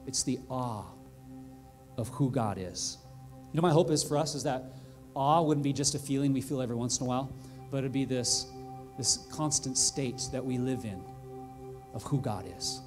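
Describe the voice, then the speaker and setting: A male pastor preaching a sermon in a church, earnest and heartfelt, building to excited emphasis. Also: mid-range voice, moderate pace, faint music behind. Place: church sanctuary.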